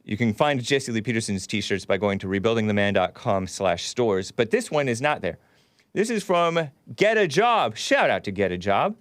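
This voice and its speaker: A man's voice: on the low side, sing-song, moderate pace, no echo. A man hosting a talk show, giving rambling, sarcastic political commentary with scornful asides.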